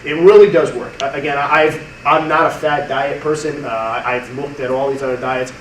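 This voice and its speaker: A man's voice: medium pitch, fairly even intonation, moderate pace. A man in his thirties talking casually to a group, repeating and restarting words as he goes. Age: 30s. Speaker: testimonial speaker. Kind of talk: casual testimonial talk to a group. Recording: roomy, from far off, faint noise.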